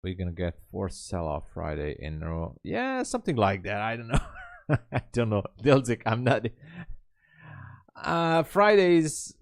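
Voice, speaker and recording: This day-trading streamer has a lowish voice with vocal fry. Relaxed and hesitant, with plenty of fillers, he narrates his trades live, reads chat, greets viewers and laughs frequently. The sound is clean, studio-like and echo-free.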